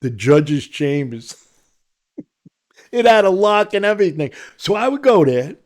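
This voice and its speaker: A man from New York, a podcast guest, tells his life story in a high, gravelly voice at normal speed. He's an animated storyteller who acts out other people's lines.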